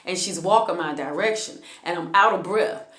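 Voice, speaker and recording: Low-voiced woman telling a story. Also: moderate pace, fairly bright tone, echoey room. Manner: conversational, frequent hesitations and restarts. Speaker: vlogger telling a personal story. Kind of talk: casual spoken storytelling.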